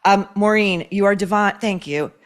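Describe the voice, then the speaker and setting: A woman's voice: medium pitch, moderate pace. A woman hosting a podcast, reading advice letters and listener emails aloud and answering them with blunt, sarcastic, profane commentary. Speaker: podcast host.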